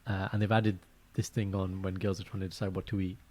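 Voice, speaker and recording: A young man co-hosting a casual podcast, telling animated stories and acting out quotes in a high voice. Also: fast. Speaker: podcast co-host. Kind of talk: casual chat.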